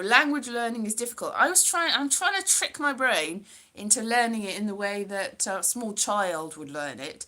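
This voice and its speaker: A woman's voice: fairly high pitch, bright, forceful tone. A woman from Wales talking casually to camera in a rambling, self-deprecating vlog, full of fillers and restarts. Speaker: vlogger. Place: home, London.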